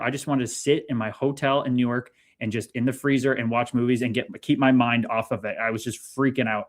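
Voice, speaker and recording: A man in his thirties recounts his past in an easy, conversational way, with pitch sitting right in the middle for a man. He gets animated and acts out the people in his stories, with a casual swear here and there. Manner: animated, swearing, lively retelling with quoted dialogue. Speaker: interview guest, former pro hockey player. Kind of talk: casual storytelling.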